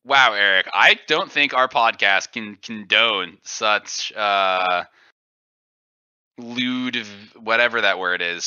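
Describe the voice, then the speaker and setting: A man co-hosting a silly comedy podcast, his voice very bright and forward. He rambles and hunts for words, padding with ums and uhs. The sound is dull and lo-fi, close and dry. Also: fairly low pitch, clear, resonant tone, no echo. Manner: rambling, gropes for words with fillers. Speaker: podcast co-host. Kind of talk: goofy comedic podcast banter.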